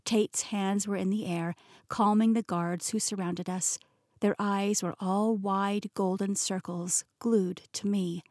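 A woman reading a first-person fantasy novel as a professional audiobook narrator, in a smooth, even-paced telling. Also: mid-range voice, slow, no room sound, clean studio sound. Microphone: close studio mic.

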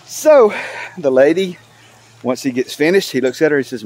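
A man's voice: on the high side, animated, darkish tone, slight background noise. An older man telling a joke in a casual, rambling way, full of fillers and repeats. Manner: rambling, drawn-out storytelling with many fillers. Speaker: channel host.

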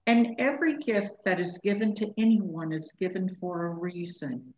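A woman voicing a great silver male wolf who speaks slowly, deliberately and gently. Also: on the low side, natural voice. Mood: gentle. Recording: echoey room, dull lo-fi sound.

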